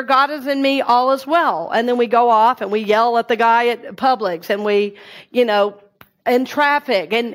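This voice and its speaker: A woman giving a conversational sermon and leading the congregation in affirmations. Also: fairly high pitch. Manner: warm, conversational preaching with affirmations. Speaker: minister.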